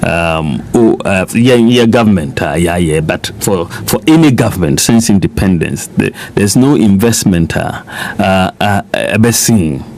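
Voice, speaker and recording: Emphatic Ghanaian man, lively low voice. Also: unhurried, gravelly, few pauses, a little hiss or hum. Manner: emphatic, repeats points, mixes Twi and English. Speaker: politician guest. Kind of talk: radio interview.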